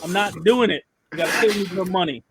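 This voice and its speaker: Male podcast co-host, high pitch, animated and ranting, casual banter, faint noise. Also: fast talker.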